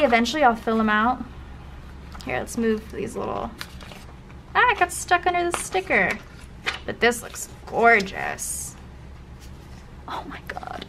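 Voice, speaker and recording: A young woman flipping through her old planner spreads in a casual vlog, often trailing into soft, breathy gushing asides. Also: a little high. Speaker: planner vlogger. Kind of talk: casual flip-through commentary. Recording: faint background noise.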